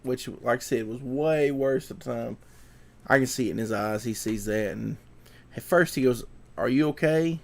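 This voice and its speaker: A man's voice: medium pitch, fairly even intonation, moderate pace, creaky. A young man telling a story to camera, rambling and repeating himself and sounding shaken. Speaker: vlogger.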